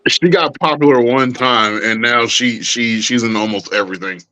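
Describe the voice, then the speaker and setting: A man's voice: mid-range voice, moderate pace, bright, forceful tone. A man chiming in on a casual podcast chat with short, laid-back reactions and easy laughter. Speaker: podcast co-host. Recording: dull lo-fi sound.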